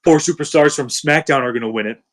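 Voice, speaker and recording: Brash, defiant wrestler who loves his beer, as a man puts him on while telling a story. A slightly high voice, told offhand rather than fully acted. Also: fast talker, fairly bright tone, natural voice.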